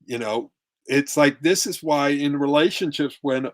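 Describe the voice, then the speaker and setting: A man's voice: fairly high pitch, measured pace. Man coaching couples, demonstrative. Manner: demonstrative, acts out tones of voice. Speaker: relationship coach. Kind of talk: workshop talk with slides.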